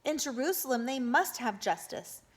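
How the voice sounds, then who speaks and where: An earnest, defiant teenage boy, as a woman narrator puts him on. He speaks emphatically, with a lively, rising line and a fairly high voice. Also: normal speed. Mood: earnest, emphatic.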